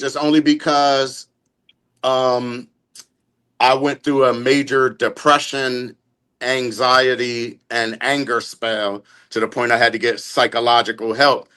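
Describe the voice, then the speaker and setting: A man's voice: medium pitch, fairly even intonation, measured pace, a bit bright, clear, resonant tone. A man with a Philadelphia accent, talking openly and bluntly about his temper in a casual group podcast chat. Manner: blunt, open, reflective. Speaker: podcast guest.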